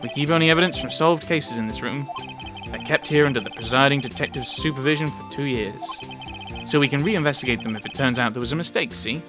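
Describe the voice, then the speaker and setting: A man voicing a folksy, cowboy-talking male police officer with a hammy, exaggerated drawl, pitched above his own voice. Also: fast talker, lightly acted. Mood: wistful. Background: game music.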